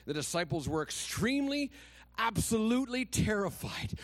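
A man's voice: medium pitch, animated, measured pace, no echo. A male pastor preaching a sermon in a conversational, dramatic storytelling manner with touches of humor.

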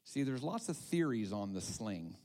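A male pastor giving a dramatic sermon, swinging from hushed whispers to loud calls. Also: on the low side, very animated, normal speed.

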